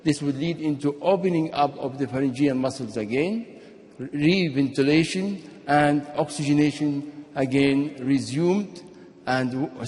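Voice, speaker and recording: Male physician at a conference lectern, slightly higher voice, long hall reverb, steady explainer. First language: Arabic. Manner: explanatory, steady, sometimes restarts and repeats words. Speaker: physician giving a conference talk. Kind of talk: medical conference lecture. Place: lecture hall.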